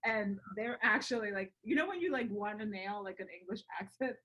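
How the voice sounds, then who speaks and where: A woman's voice: mid-range voice, animated, a little fast, bright, forceful tone, rough recording. A woman in her thirties hosting a casual interview, giggly and effusive. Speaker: host.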